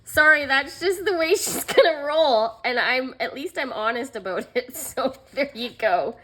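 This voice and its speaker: A woman's voice: high-pitched, animated, unhurried, fairly bright tone. A young adult woman vlogger telling a story in a chatty, self-mocking way while she decorates a planner, laughing often and filling with "like" and "um".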